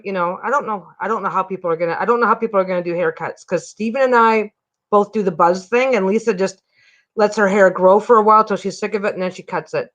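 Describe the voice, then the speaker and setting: A woman's voice: medium pitch, fairly bright tone, highs cut off. A woman hosting a casual livestream chat from her home, rambling and often breaking off mid-sentence. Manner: rambling, self-interrupting, chatty. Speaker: livestream host.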